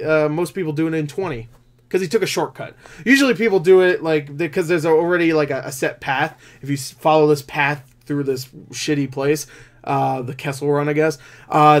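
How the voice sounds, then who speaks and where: Male movie reviewer with a slightly high voice, rambly, excitable, swears casually. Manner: excitable, quick shifts in loudness and pitch. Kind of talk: casual spoiler review talk.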